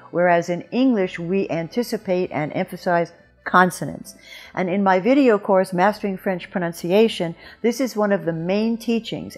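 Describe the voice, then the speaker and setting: A woman teaching French pronunciation in a patient, careful lesson, modeling each word slowly. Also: lowish voice. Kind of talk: instructional lesson.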